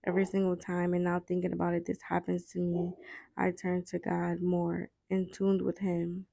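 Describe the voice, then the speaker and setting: A young woman with a low, gravelly voice tells a painful personal story. She talks in a halting way, repeating herself and filling gaps with fillers, her tone flat and heavy with grief. The sound is close and dry. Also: no echo. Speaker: vlogger.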